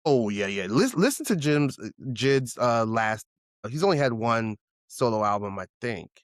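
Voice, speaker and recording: A man's voice: mid-range voice, moderate pace, dry recording, studio quality. A man with a New York accent co-hosting a podcast in casual chat, telling stories and acting out what friends said. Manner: animated storyteller who acts out quoted friends. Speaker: podcast co-host.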